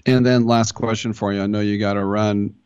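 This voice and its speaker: A man's voice: fairly low pitch, little pitch movement, fairly quick, darkish tone, smooth, no room sound, highs cut off. A man hosting a sports radio show, talking in a loose, chatty way with jokey asides. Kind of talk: casual talk radio interview.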